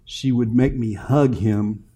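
A man's voice: fairly even intonation, slow pace, slightly rough. Middle-aged man preaching with emphatic swings. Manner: preaching, shifting from loud emphatic lines to low quiet asides; storytelling with humor. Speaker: pastor. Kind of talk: sermon.

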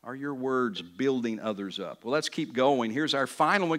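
A man's voice: mid-range voice, lively intonation, normal speed, hardly any pauses, bright, forceful tone. A man pastor preaching a sermon in an earnest, conversational way, often restarting phrases and building to emphatic peaks.

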